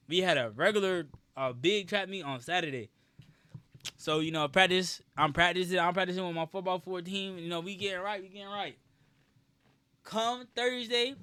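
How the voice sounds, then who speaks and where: Bright, animated young man telling a story. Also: a little high, no echo. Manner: animated, profane, emphatic. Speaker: streamer. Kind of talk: casual storytelling.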